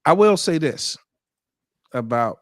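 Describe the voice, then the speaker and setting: A man's voice: fairly high pitch, animated, slow pace, dry recording, studio quality. A man hosting a podcast live stream, chatting casually, reading out viewer comments and joking around with loose, profane banter. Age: adult father. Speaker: podcast host.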